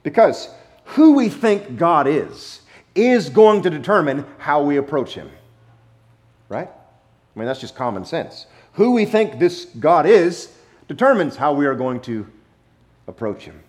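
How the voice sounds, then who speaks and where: A man preaching a sermon, emphatic, with dramatic pauses and repetition, sometimes playful. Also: fairly high pitch, sing-song, a little mellow. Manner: playful, acts out wrong versions for effect. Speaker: pastor.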